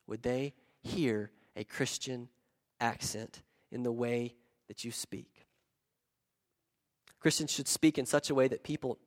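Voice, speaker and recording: A pastor with a South Carolina accent preaching a sermon, earnest and emphatic, with deliberate pauses and repeated phrases. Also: male voice, mid-range voice. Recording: long reverb of a large hall.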